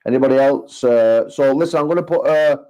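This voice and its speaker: A British man running a casual livestream chat, bantering with quick asides and doubling back on his words as he goes. His voice sits at an ordinary middle pitch for a man. He sounds like a promoter talking straight to his audience. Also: dark tone. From United Kingdom. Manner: banter-heavy, repeats himself, quick joking asides. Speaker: arm wrestling promoter and show host.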